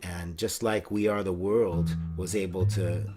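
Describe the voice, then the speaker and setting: A man's voice: low voice, steady tone, measured pace, loud music behind the voice. A middle-aged man hosting a casual chat, rambling with many fillers and restarts. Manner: rambling, warm-hearted, breaks into singing. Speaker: host.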